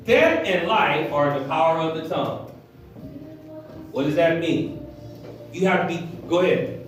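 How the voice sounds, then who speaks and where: A man preaching a lively, animated sermon as pastor of a church, acting out voices as he goes. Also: fairly high pitch, normal speed, faint music behind. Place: church hall. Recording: echoey hall, heard from far.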